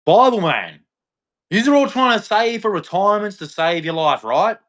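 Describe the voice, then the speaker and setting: Very animated at normal speed, this man's high, slightly bright voice drives a preachy religious rant to camera. As a vlogger he repeats himself, heckles, and challenges whoever is listening.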